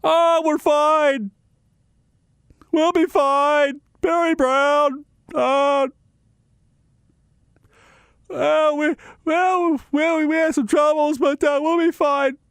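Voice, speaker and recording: A man's voice: very high-pitched, steady tone, extremely slow, pauses often, fairly bright tone, no room sound, studio quality, voice pushed up, exaggerated voice. A man putting on a mocking impression of a flustered coach who stammers and insists everything is fine. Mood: mock breezy. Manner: stammering, falsely reassuring.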